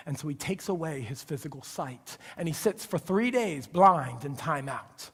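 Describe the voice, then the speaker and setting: A man with a high voice preaching to his congregation in a church sanctuary. He tells the story casually, dropping to near-whispers and then rising to loud, excited passages, with a long echo from the hall. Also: unhurried, hardly any pauses, breathy edge. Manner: conversational storytelling, acts out voices with big swings from hushed to loud. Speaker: pastor. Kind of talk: sermon.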